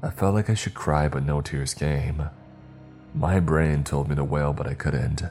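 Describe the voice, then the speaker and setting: Very deep-voiced man narrating a story. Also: steady tone, measured pace, darkish tone. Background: faint music.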